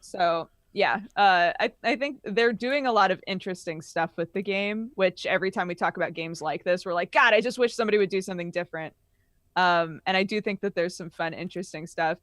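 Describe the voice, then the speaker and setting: A woman co-hosting a podcast, chatting casually about games as an animated, laughing storyteller who swears freely. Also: fairly low pitch, moderate pace, few pauses, no echo, clean studio sound. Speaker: podcast co-host.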